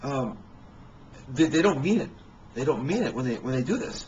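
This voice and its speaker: A man telling rambling personal stories in a halting way, with many restarts and fillers. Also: mid-range voice, animated, darkish tone, muffled recording, slight background noise.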